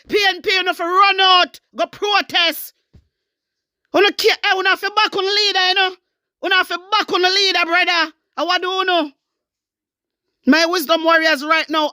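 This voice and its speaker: Jamaican woman, high bright voice, fiery patois commentary host, dry close sound. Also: normal speed, dry recording. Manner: fired-up, repetitive, speaks in Jamaican patois to her audience. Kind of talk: angry political commentary monologue.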